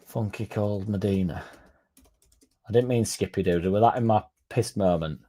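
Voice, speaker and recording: A man's voice: on the low side, moderate pace, warm tone. A man hosting a casual livestream, rambling, swearing and chatting to viewers by name. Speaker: fan channel livestream host.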